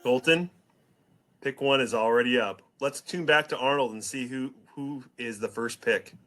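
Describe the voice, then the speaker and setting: A man hosting a casual sports podcast, excitable and hype-building, rambling a little as he talks. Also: medium pitch, normal speed, faint music behind. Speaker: podcast host.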